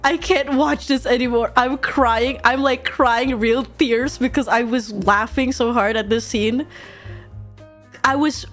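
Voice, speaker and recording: Young woman streamer, brightish voice, rowdy and swears, faint music behind. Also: on the high side, measured pace. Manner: excitable, swears a lot, laughs often. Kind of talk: casual chat while drawing.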